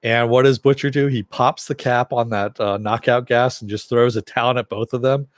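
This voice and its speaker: A man's voice: medium pitch, fairly even intonation, normal speed, no room sound, studio quality. A man casually recapping a TV episode in a chatty way, chuckling and acting out characters' lines in a raised voice. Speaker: TV episode reviewer.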